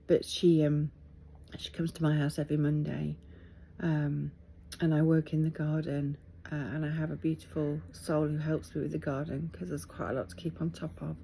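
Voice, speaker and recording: A tired middle-aged woman from England, talking to camera in a candid, halting, reflective video diary. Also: sits low, level tone, gravelly, dark tone, slight background noise. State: tired and teary. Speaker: vlogger.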